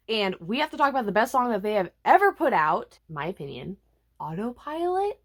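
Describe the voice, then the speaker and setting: A young woman vlogger chatting casually about music releases, animated and self-mocking, with frequent asides. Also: mid-range voice, brisk. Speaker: K-pop vlogger. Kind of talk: casual chatty album review.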